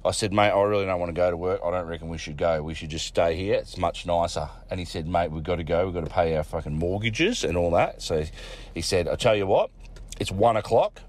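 A man's voice: deep voice, fairly quick. A man with an Australian accent, a listener who sent in a recording, telling a crude story in a casual way, swearing heavily and laughing. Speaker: caller sending in a story.

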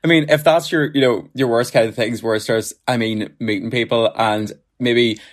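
A man hosting a casual chat, halting and joking, with many restarts. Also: medium pitch, fairly even intonation.

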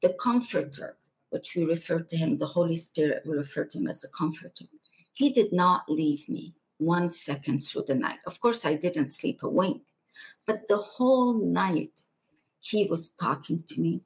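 A woman guest on a podcast, earnestly recounting a personal testimony and going hushed for the quieter moments. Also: on the low side, expressive, normal speed, husky.

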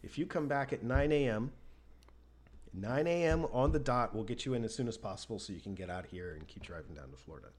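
A man from the United States telling a story in casual chat, lively and acting out the people he quotes. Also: mid-range voice, a little fast.

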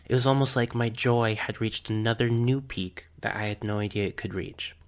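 A young man hosts his podcast and tells a personal story in a reflective, earnest manner, now and then with a small self-conscious laugh. His voice sits a little low for a man. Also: fairly even intonation, moderate pace. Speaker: podcast host.

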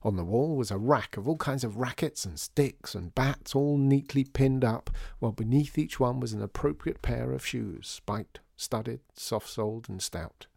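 A man narrating a story in an expressive, wry way. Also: medium pitch, normal speed, vocal fry, few pauses, no room sound, studio quality.

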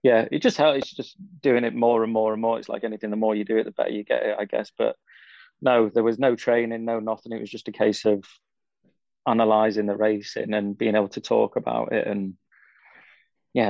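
A man's voice: on the low side, level tone, a little fast, vocal fry, a little mellow, no echo, highs cut off. A young man, talking easygoing and rambling as a guest in a casual interview. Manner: easygoing, rambling, frequent fillers. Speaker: cycling pundit guest.

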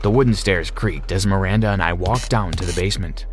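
A man narrating a scripted story in a steady, measured reading voice. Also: sits low, slight background noise. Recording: music behind.

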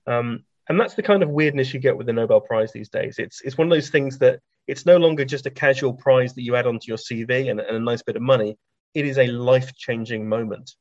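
A man telling anecdotes in a relaxed interview, chatty, full of ums and restarts, laughing at his own stories. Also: mid-range voice, fairly quick, dry recording. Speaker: science author and guest. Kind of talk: anecdotal conversational storytelling. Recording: dry, slightly dull lo-fi recording.

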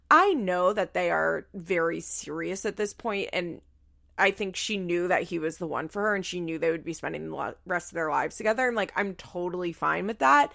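Animated woman with vocal fry. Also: fairly low pitch, no echo, studio quality. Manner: animated, incredulous, swears freely. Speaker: reality show recap podcaster. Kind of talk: casual recap commentary.

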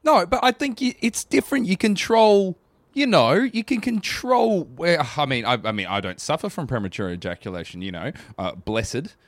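Young aussie bloke rambling on a podcast, swears a lot, takes the piss out of himself, dry sound. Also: male voice, on the high side, expressive, moderate pace, dry recording. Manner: rambling, crude, self-mocking. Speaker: podcast co-host. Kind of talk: comedic podcast banter.

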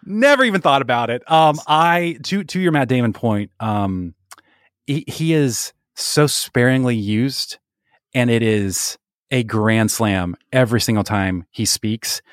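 A man's voice: medium pitch, animated, unhurried, dry recording. A man co-hosting a podcast, chatting casually about sports and pop culture with a dry, jokey manner and plenty of filler words. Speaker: podcast co-host.

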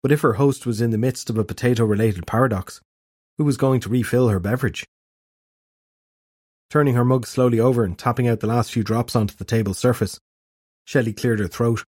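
A man narrating a fantasy novel in steady, even storytelling. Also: mid-range voice, a little fast, dry recording, clean studio sound. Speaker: audiobook narrator.

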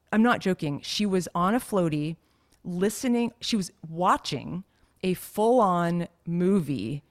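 Lowish-voiced chatty woman. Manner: chatty, rambling storyteller with many fillers. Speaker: podcast co-host. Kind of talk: casual chat.

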